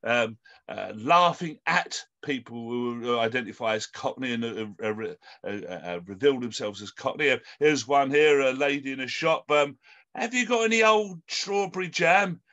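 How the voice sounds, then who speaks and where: A man's voice: medium pitch, moderate pace, a bit bright. A man hosting an online panel discussion over a video call, talking in a hesitant way with many ums and restarts. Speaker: host.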